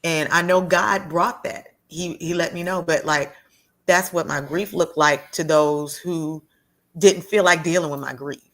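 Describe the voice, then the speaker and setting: A woman telling a heartfelt personal story as a guest, earnest and halting, often restarting and repeating words. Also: low voice, steady tone, fairly bright tone. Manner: acts out quoted voices of others in her story.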